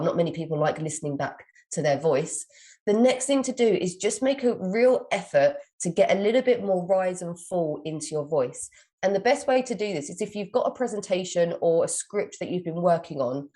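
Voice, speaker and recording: A British woman with a low-pitched voice hosts a live advice session as a communication coach. She reads listeners' questions aloud and answers each with long, encouraging explanations. She sounds like a young adult, talking on a webcam-style stream. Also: a little mellow.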